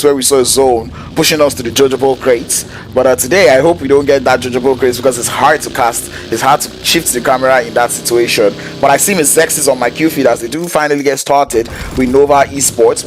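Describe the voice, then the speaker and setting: A man casting a live esports match play-by-play, casual and joking with slang, rising to excited shouts when fights break out. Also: mid-range voice. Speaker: esports caster.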